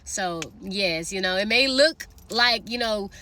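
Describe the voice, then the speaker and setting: A woman's voice: medium pitch, slow pace, sharp tone, dry recording. A woman casually telling a personal faith story and encouraging her listeners, chatty, with many fillers, calling out to them directly. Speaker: faith vlogger sharing a prophetic word.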